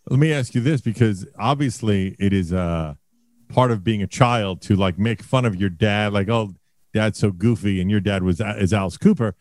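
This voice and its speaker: A man's voice: fairly low pitch, normal speed, a little mellow, no echo. A man hosting a casual interview, asking long, wandering questions in a conversational way. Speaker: host.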